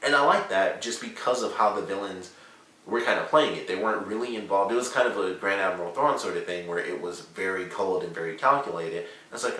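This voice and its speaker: A man giving a casual, rambling spoken review of a TV episode, excitable and full of "like" and "you know". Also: deep voice, a little fast. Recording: roomy echo, distant from the mic.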